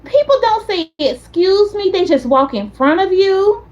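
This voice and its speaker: High-voiced woman chatting with viewers. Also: measured pace, highs cut off. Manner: chatty, animated storyteller, talks straight to viewers. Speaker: content creator host. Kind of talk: casual livestream chat.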